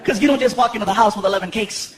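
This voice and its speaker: A man performing a stand-up comedy set in a theater, telling animated stories and acting out other people's voices for laughs. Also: high voice, rapid-fire, background noise. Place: large theater stage before a live audience. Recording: live theater with loud audience laughter and room echo.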